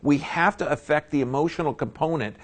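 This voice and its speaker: A man's voice: a little high, fairly quick. A man giving a live seminar lecture, folksy and emphatic, often checking in with his audience. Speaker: seminar speaker.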